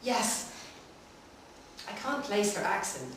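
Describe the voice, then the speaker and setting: Low-voiced woman reading in an echoey hall. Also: normal speed, fairly bright tone, recorded from a distance, a little hiss or hum. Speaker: reader. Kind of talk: live reading of a short story. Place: public library room.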